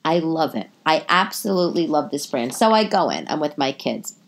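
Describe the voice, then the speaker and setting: A woman in her forties, stuffy-nosed, chatting to listeners from her living room in a slightly low voice. She rambles through tangents and corrects herself as she goes, then jumps up in pitch whenever she wants to make a point. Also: normal speed, creaky. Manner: animated, pitch jumping up for emphasis. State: stuffy nose. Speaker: podcast host and stand-up comedian. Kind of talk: casual monologue to listeners.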